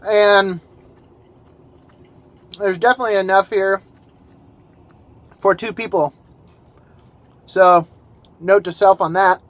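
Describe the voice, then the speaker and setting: A man casually talking to the camera while eating in his van, relaxed and chatty, sometimes with his mouth full. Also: high voice, slow pace, pauses often, dry recording. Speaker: van life vlogger. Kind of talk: casual vlog talk to camera. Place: inside a van.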